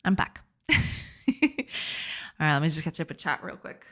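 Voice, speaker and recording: A woman's voice: low-pitched, steady tone, normal speed, bright, forceful tone. A woman game developer chatting casually on a live stream, reading and greeting her chat and laughing often. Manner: giggly, reads and greets chat.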